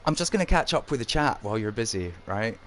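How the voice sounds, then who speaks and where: A man's voice: medium pitch, very animated, fast, a loud crowd. A man with an Edinburgh Scottish accent hosting a casual live stream, chatting loosely and reading out viewer messages with plenty of ums. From Scotland (Edinburgh). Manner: chatty, reads out chat with many ums. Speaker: streamer host.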